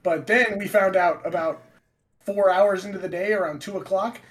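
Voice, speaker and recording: Young guy, high voice, lively swearing storyteller in casual chat. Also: normal speed. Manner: animated, swearing, acts out quotes loudly.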